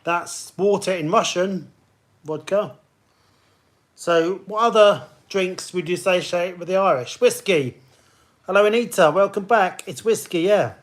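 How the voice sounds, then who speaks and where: A man's voice: sits high, a little slow. A man hosting a live online pub quiz, chatting and greeting players by name as he reads questions. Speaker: quiz host.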